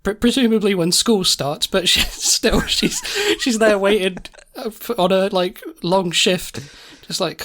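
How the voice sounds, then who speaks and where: A woman's voice: medium pitch, a little slow, hardly any pauses, fairly bright tone. Rambling woman telling a comic story. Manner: rambling, laughing, many restarts. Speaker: podcast co-host. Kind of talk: improvised comedy storytelling.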